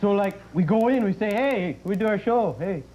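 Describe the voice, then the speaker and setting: A man's voice: high voice, expressive, mellow, rough recording. A man playing a dim, easygoing Canadian hoser with a Canadian accent, talking in a folksy way on a talk show. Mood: goofy. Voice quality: folksy, drawn-out, sprinkles every line with "eh". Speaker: sketch comedian. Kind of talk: in-character comedy bit. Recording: old broadcast tape with studio audience.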